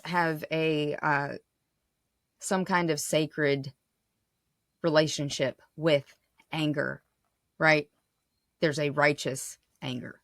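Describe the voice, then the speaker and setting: A woman's voice: lowish voice, a bit bright, no room sound, studio quality. A woman hosting a podcast, talking in a passionate, casual monologue that keeps checking in with "right?". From United States. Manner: passionate, frequent "right?" tags. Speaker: podcast host.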